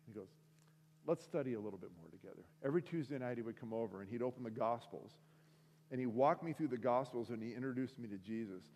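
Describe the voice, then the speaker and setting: Animated man telling a story in a hall. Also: medium pitch, fairly quick. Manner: animated, acts out the voices in his story. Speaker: speaker. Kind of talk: storytelling sermon. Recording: long hall reverb.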